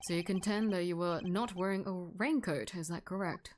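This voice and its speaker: A woman reading the lines of a cool, formal male prosecutor in a game, with a measured delivery. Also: fairly low pitch, fairly even intonation, darkish tone, slight background noise, voice pushed down, lightly acted. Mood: composed.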